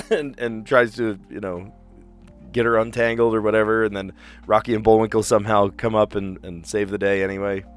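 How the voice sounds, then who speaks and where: A man casually thinking aloud as he reads puzzle clues and works through answers, with frequent restarts. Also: lowish voice. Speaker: streamer playing word puzzles.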